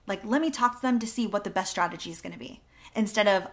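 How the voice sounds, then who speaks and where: Woman, 30s, real estate coach; casual, chatty delivery with lively acted-out script lines. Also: medium pitch, quick pace. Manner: animated, chatty, acts out door-knocking lines. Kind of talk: casual teaching monologue.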